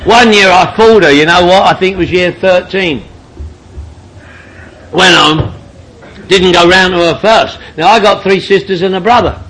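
A middle-aged man with a strikingly high voice tells his story to a meeting room crowd. He is blunt and joking, swears freely and laughs through his lines. His tone is bright and sharp. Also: moderate pace, pauses often, slight background noise, rough recording. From London, England. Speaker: speaker sharing at a recovery meeting. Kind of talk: comic storytelling to a group.

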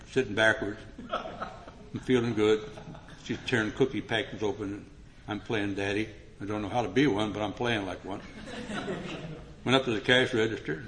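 An older man speaking at a recovery meeting, telling a humorous personal story and getting animated as he acts out conversations. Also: a little hiss or hum. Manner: animated, rises in pitch when acting out dialogue. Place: meeting room before an audience.

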